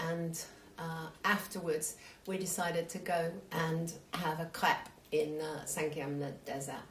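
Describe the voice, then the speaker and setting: Woman storyteller, low voice, slow and easy, heard from a distance in a roomy hall with faint noise. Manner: unhurried, conversational, self-deprecating. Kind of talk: live storytelling.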